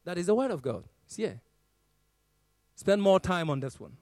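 A man's voice: high-pitched, very animated, normal speed, darkish tone, no echo. A man preaching a sermon who quotes scripture in a rising, sung cadence and swells his voice on key lines.

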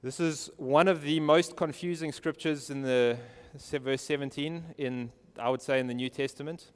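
A man's voice: a little high, fairly even intonation, normal speed, clear, resonant tone, big-room sound. A man preaching a sermon earnestly, asking his listeners direct questions. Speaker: pastor.

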